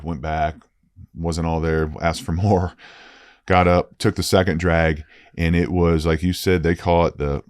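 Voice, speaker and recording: A man's voice: very deep voice, darkish tone, no room sound, clean studio sound. A former football player in his forties, a guest telling a candid story in an earnest, emphatic way, often adding "right?".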